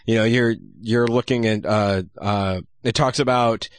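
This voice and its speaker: A man's voice: lowish voice, steady tone, unhurried, no room sound. A man hosting a casual gaming podcast, rambling with many restarts and casual swearing. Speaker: podcast host. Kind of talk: casual chat.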